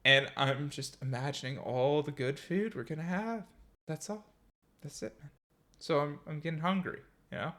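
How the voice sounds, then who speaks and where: Goofy low-voiced woman co-host. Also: normal speed, a bit bright. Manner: goofy and rambling. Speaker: podcast co-host. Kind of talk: casual chat.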